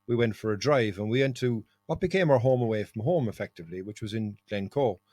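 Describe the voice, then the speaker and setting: Irish male podcast host, lowish voice, dry close sound, chatty storyteller. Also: quick pace, no echo. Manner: storytelling, animated, laughs often. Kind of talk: casual chat.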